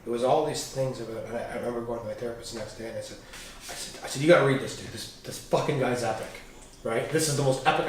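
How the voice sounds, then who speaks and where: Animated man telling stories in an echoey room. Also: mid-range voice, racing. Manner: animated, swearing, acts out quoted dialogue. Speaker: podcast guest. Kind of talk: candid storytelling interview. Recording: echoey room, distant mic.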